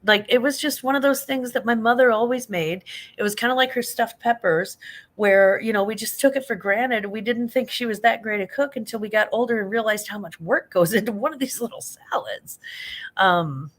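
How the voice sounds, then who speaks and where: A woman's voice: fairly high pitch, moderate pace, fairly bright tone. Rambling, chatty middle-aged woman on a late-night livestream. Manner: rambling and chatty, laughs often, many fillers. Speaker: livestream host. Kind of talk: late-night livestream chat, reading viewer comments.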